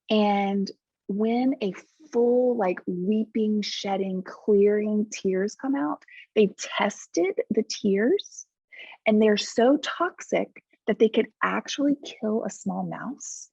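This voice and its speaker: Woman, gravelly, husky, earnest guest, dull lo-fi audio. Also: mid-range voice, slow pace, darkish tone, dry recording. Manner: earnest, heartfelt, emphatic on key words. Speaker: guest, coach. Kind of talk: casual podcast conversation.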